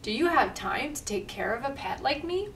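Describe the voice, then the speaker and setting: A woman's voice: high-pitched, very animated, normal speed, fairly bright tone, pitched above the performer's own voice, exaggerated voice. A woman voicing a giant male pet snail in a storybook, boastful and coaxing. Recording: distant mic, faint room noise.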